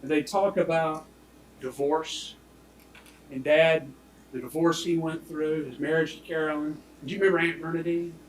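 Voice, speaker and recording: A man delivers a prosecutor's closing argument, speaking emphatically and swinging between loud declarations and hushed near-whispers. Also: on the high side, fairly even intonation, normal speed, slight background noise. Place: courtroom. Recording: echoey courtroom audio from far off.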